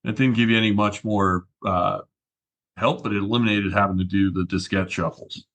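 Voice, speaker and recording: A man's voice: fairly low pitch, fairly even intonation, moderate pace, fairly bright tone. A man, a regular guest on a tech podcast, chatting and reminiscing with many fillers. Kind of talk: casual podcast chat.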